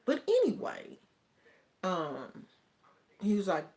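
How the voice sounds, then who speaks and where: A woman's voice: medium pitch, huge pitch swings, darkish tone. A woman from the United States telling a personal story on her vlog in a casual, colloquial way. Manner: slow, drawn-out and colloquial, with many fillers.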